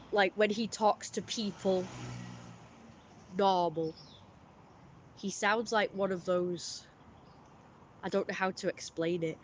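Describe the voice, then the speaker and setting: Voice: mid-range voice, a little hiss or hum. A streamer, rambling through a casual live-stream story with lots of fillers.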